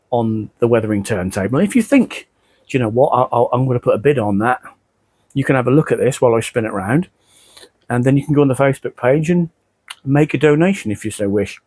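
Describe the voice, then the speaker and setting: A man's voice: medium pitch, a little mellow, no room sound. Earnest man talking to camera. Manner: earnest, repeats himself, stumbles over words. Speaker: model railway vlogger. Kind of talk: emotional casual talk to camera.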